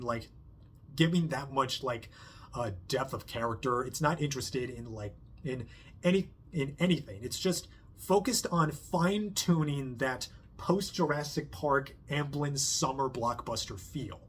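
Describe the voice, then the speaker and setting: A man giving a casual spoken movie review, rambling with lots of fillers, restarts and quick impressions. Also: mid-range voice, expressive, slight background noise.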